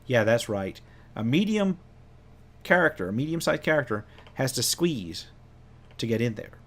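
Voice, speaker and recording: Acting as game master, a man tells a tabletop game story in a casual, rambling way, restarting often and voicing his players' lines himself. His medium-pitched voice is very animated and moves at a moderate pace.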